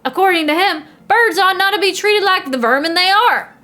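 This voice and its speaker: A woman's voice: fairly high pitch, normal speed, fairly bright tone, lightly acted. A woman voicing a pompous, domineering older male newspaper editor in a put-on accent. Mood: blustering.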